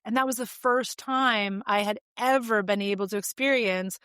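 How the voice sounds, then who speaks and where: A woman's voice: on the high side, moderate pace, a bit bright, clear, resonant tone, dry recording, studio quality. Reflective woman in her forties. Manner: reflective and open, with frequent fillers. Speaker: podcast guest. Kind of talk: candid conversational storytelling.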